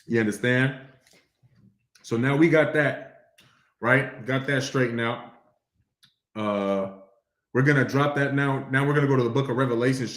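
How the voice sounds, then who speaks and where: A man's voice: medium pitch, a bit bright. A man teaching a scripture class in a preachy lecturing manner, often stopping to ask if listeners understand, and reading verses aloud in a raised, declaiming voice. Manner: preachy, checks in often with rhetorical questions. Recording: echoey room.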